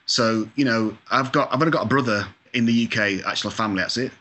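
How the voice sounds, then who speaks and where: A man's voice: mid-range voice, fast talker, sharp tone, a little hiss or hum. A Scottish-born man, a video game composer, chatting casually in an interview, full of fillers, mild swearing and self-deprecating asides. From Scotland. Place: lives in California.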